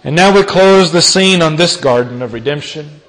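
High-voiced preacher in a reverberant hall. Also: male voice, moderate pace. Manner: dramatic storytelling, swinging pitch and loudness. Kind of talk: sermon with scripture reading.

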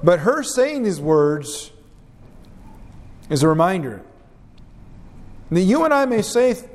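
A man preaching an earnest, measured sermon and reading scripture aloud. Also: high-pitched, big pitch swings, darkish tone, big-room sound.

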